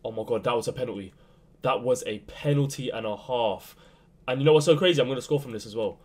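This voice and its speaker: A young man commentating his own football video game match, swinging between low muttering and sudden shouts. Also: fast. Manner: excitable, swings from muttering to yelling. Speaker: gaming youtuber. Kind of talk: live gameplay commentary.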